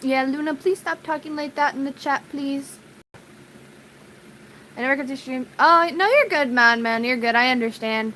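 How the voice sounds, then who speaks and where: A woman's voice: high-pitched, moderate pace, pushed and bright, a little hiss or hum, low-quality recording. A woman streamer chatting casually with her viewers, giggling often and greeting people in the chat by name. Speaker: live streamer.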